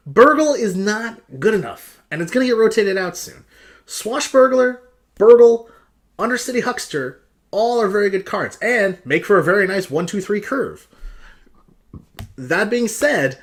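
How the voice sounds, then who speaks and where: A man's voice: high voice, expressive, normal speed, long pauses. A man reviewing game cards in a casual, profane, ranting style.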